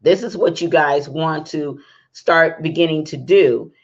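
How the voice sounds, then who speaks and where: A woman's voice: low voice, a little slow, highs cut off. Upbeat woman host, voice strained by a cold. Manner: chatty, upbeat, greets viewers by name. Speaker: talk show host and interview coach. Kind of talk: live-stream talk show.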